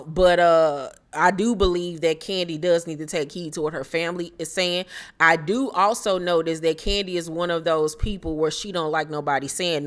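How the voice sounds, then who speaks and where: Blunt, gossipy woman recapping reality TV. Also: fairly low pitch. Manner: blunt, profane, gossipy with frequent laughs. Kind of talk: casual episode recap commentary.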